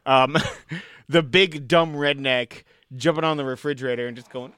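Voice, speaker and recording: Excitable man in casual podcast chat. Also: fairly high pitch, normal speed, clear, resonant tone, dry recording. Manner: excitable, laughs often, swears casually. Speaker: podcast co-host. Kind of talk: casual chat reviewing a TV show.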